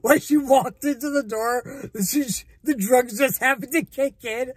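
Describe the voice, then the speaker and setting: A man's voice: extremely high pitch, measured pace, no room sound. A man giving a casual spoken film review as a critic, talking in a blunt, rambling way with frequent swearing and many restarts. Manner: many restarts and repeated words. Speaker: movie critic.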